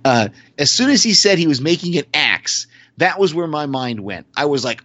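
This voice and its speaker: A man's voice: medium pitch, moderate pace, few pauses, no room sound. A man hosting a casual chat, rambling and restarting his sentences as he animatedly retells scenes. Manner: rambling, self-correcting, animated storytelling. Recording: dull lo-fi dry audio.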